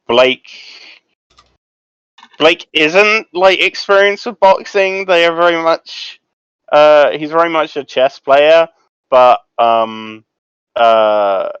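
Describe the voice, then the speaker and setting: A man describes his character's moves in a tabletop game, talking very slowly with frequent ums and pauses. His voice is smooth and clear. It comes through a dull, dry, lo-fi mic. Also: mid-range voice, fairly bright tone, no echo. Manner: slow and hesitant, many ums. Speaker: player. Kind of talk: casual tabletop play.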